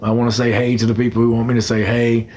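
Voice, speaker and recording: A man's voice: mid-range voice, flat delivery, quick pace, darkish tone. Rambling young man on a livestream. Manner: rambling, greets commenters by name. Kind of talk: casual livestream chat.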